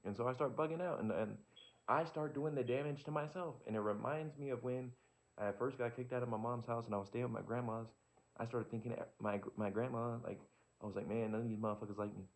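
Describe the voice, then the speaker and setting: A man's voice: mid-range voice, fairly quick. A man in a casual reflective monologue, talking candidly and profanely and rambling as he works through his own thoughts. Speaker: vlogger. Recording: dull lo-fi sound.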